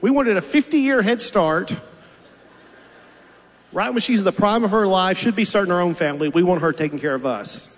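A man's voice: sits high, normal speed. A man in his fifties doing a stand-up set on a theater stage, telling dry, self-deprecating stories. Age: 50s. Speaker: stand-up comedian. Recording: long hall reverb from a big venue.

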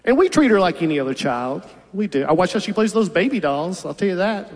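Man, fifties, stand-up comic, self-deprecating, high voice, reverberant theater. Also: very animated, fairly quick. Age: 50s. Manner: dry, self-deprecating storytelling. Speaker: stand-up comedian. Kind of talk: stand-up comedy set. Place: large theater stage. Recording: long hall reverb from a big venue.

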